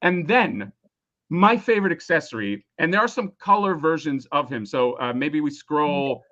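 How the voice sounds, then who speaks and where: A man's voice: fairly high pitch, animated, normal speed, a bit bright, lo-fi sound. A man losing his voice, rambling casually and swearing a lot while explaining a toy on a live stream. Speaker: toy designer presenting a crowdfunding campaign.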